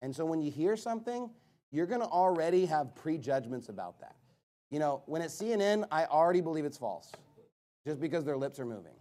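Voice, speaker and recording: High-voiced man preaching a sermon. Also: fairly quick. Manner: animated, mocking mimicry of quarrels, emphatic repetition.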